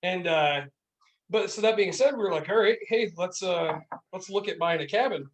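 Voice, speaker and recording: Sitting some way from the mic in a small room, a man co-hosting a beer podcast chats casually, rambling through animated stories loaded with fillers. His voice is high and his pace normal, captured in a low-quality recording.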